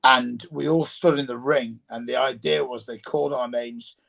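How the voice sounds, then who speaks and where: A man with a noticeably gravelly voice hosts a live signing session. He reads out requests and chats in an easygoing, affirming way. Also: medium pitch, fairly even intonation, moderate pace, fairly bright tone, poor audio. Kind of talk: casual chat.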